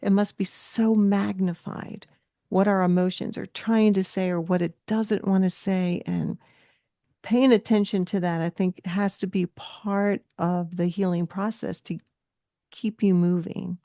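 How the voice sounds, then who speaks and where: A woman hosts a casual podcast interview, affirming and encouraging her guest. Her voice is medium-pitched, steady and dark, with a measured pace, and the studio sound is clean with no room sound.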